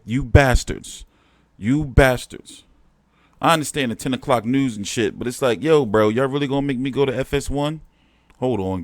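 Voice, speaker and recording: A man's voice: medium pitch, no room sound. Profane, exasperated man ranting dry. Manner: slangy street talk. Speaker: boxing show host. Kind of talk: casual live-stream rant.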